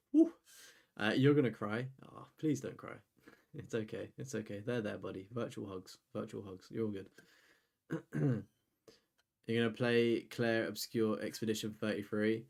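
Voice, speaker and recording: A man's voice: on the low side, gravelly, darkish tone. A man, hosting a live stream and chatting casually with his viewers. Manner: rambling, chatty, reads and answers chat. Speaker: streamer host.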